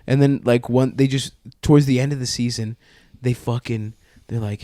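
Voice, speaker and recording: A man's voice: medium pitch, fairly even intonation, moderate pace, warm tone, dry recording. A man co-hosting a podcast, telling a crude story in a rambling way, with restarts and laughs. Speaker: podcast co-host. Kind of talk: casual storytelling chat.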